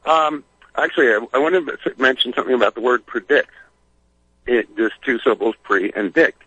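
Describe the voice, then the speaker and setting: A man's voice: medium pitch, fairly quick, pushed and bright, husky, no echo. A man calling in to a radio show, talking in a rambling, hesitant way with many fillers. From Philadelphia. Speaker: regular caller. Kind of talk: phone-in conversation. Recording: dull phone line on radio.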